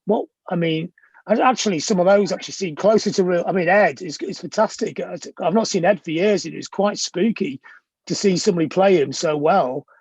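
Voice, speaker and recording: A man in his sixties interviewing a guest in a loose, halting way, often restarting his questions. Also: sits high, darkish tone, slightly rough, no room sound, lo-fi sound. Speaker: interviewer, music journalist.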